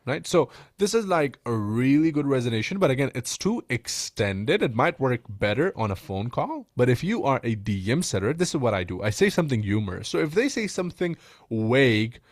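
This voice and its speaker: A man's voice: medium pitch, a little fast, dry recording. A man coaching on sales messages in a casual, slangy way, often tossing in "bro" and "right?". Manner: animated, slangy, says "bro" and "right?" a lot.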